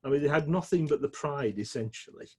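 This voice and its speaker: A middle-aged man with a Yorkshire accent, telling stories in a chatty, animated way as an interview guest. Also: on the high side, fast, breathy edge. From England. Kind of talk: casual storytelling chat.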